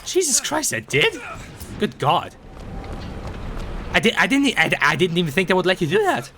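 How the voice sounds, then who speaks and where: A hoarse young man from Sweden, rambling excitably and swearing while commenting on a game he streams. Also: high-pitched, moderate pace. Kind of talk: casual gameplay commentary. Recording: stream mic with game noise behind. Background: game sounds.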